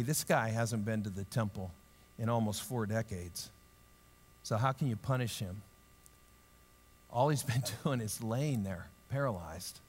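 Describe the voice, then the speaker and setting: A man preaching a sermon in a lively, humorous way, acting out the story in voices and then dropping into quiet, earnest reflection. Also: a little slow, slightly rough, long reverb tail. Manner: drops to a low, quiet, earnest tone. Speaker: pastor.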